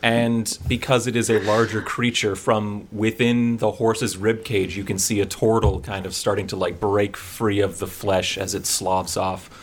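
A man playing in a tabletop game, describing actions with many pauses and fillers. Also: lowish voice, level tone, a little hiss or hum. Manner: hesitant, many fillers, laughs easily. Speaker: player. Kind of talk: casual chat at a tabletop game.

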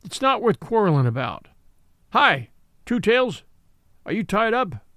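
A man's voice: high-pitched, big pitch swings, measured pace, fairly bright tone, no echo, studio quality, voice pushed up, heavily acted. A man voicing a haughty cavalry horse. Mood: wry. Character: proud Australian troop horse, touchy about breeding.

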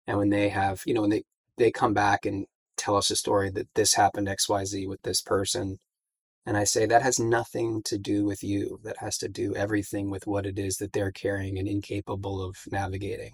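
A man in his forties, a podcast guest, talking in a reflective, soft-spoken way in a candid conversation. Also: on the low side, completely flat delivery, normal speed, breathy edge, no room sound.

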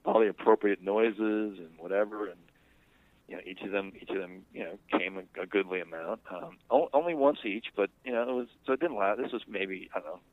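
A man's voice: lowish voice, a little fast, no room sound. A man telling a personal story to an interviewer in a rambling, conversational way, heard over a phone line. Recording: dry, tinny phone line.

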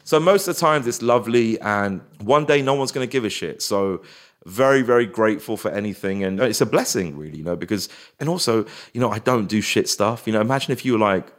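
A man, chatting as a guest in an interview and often slipping into quick put-on voices and impressions. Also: lowish voice, expressive. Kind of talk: casual interview chat.

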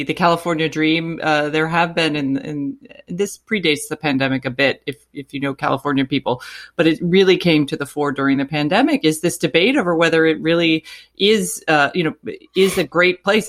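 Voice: medium pitch, fairly bright tone. A panelist on a political podcast, arguing earnestly and often repeating words while searching for the phrase. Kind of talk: political commentary.

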